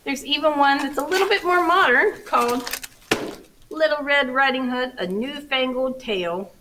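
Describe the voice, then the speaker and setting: A librarian reads a storybook to children at storytime, expressive and animated. She drops in playful asides and questions. Her voice sits a little high. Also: normal speed, noisy background. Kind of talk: storytime reading aloud.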